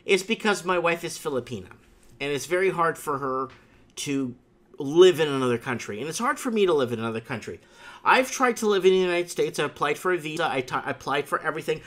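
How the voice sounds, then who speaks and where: A slightly higher-voiced man hosts a casual talk show, telling stories with plenty of emphasis and repetition. He keeps circling back to the same phrases as he talks a guest through his point. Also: fairly bright tone. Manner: emphatic storytelling with repeated catchphrases. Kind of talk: casual chat.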